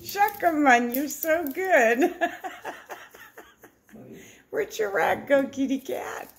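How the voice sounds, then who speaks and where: A woman's voice: high voice, expressive, extremely slow, creaky. A woman talking baby talk to her pets at home, coaxing them in a cooing sing-song and laughing often. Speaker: pet owner filming her pets. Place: home indoors.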